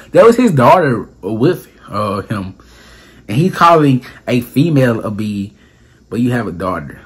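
A man's voice: medium pitch, breathy edge. A young man telling a story casually in slangy talk, acting out what people said. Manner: animated, slangy, acts out quotes with voice jumps. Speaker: storyteller vlogger.

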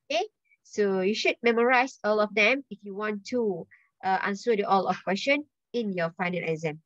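A woman's voice: medium pitch, moderate pace, dry recording. A woman teacher with a Malaysian accent quizzing her students, slipping Malay words and "lah" into her English. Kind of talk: online language lesson. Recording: dull lo-fi dry voice.

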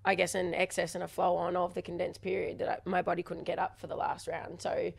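A woman's voice: fairly low pitch, completely flat delivery, fast, gravelly. A young woman, co-hosting a casual football chat in a chatty, playful way. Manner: chatty, playful, laughs a lot. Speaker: co-host, footballer.

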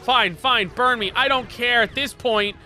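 A young man doing let's play commentary, excitable, swearing a lot and yelling at the game. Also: extremely high pitch, measured pace, faint music behind. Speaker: gaming streamer.

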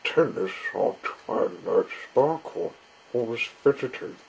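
A man reading a children's story aloud in a slow, plain way. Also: mid-range voice, lively intonation, gravelly, breathy edge, poor audio.

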